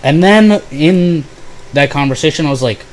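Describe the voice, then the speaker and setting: A man's voice: fairly high pitch, lively intonation, normal speed, a little hiss or hum. Profane young man telling a story. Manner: profane, rambling, filler-heavy; bursts into loud exaggerated impressions. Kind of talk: casual storytime.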